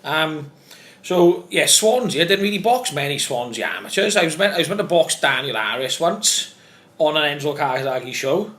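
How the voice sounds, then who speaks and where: A man's voice: on the high side, expressive, normal speed, fairly bright tone. A man, a former boxer, chatting casually on a podcast, rambling and swearing with frequent restarts. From Wales. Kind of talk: casual chat.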